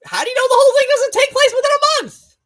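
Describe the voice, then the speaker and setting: A man from Long Island, co-hosting a podcast in casual chat, reacting with exclamations and often trailing off quietly. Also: extremely high pitch, lively intonation, quick pace. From Long Island, New York. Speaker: podcast co-host. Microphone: remote podcast call.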